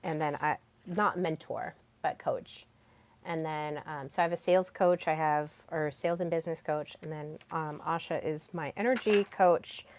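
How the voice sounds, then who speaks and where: A woman's voice: deep voice, normal speed, darkish tone. A young woman hosting a solo self-help podcast, talking in an earnest coaching tone with plenty of fillers. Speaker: podcast host.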